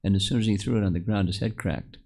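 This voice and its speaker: A man's voice: on the low side, steady tone, quick pace, vocal fry, darkish tone. A man teaching a scripture class to a live group. He tells the stories as he goes, asks the listeners questions, and often restarts or repeats words. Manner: storytelling, asks the audience questions. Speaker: spiritual teacher.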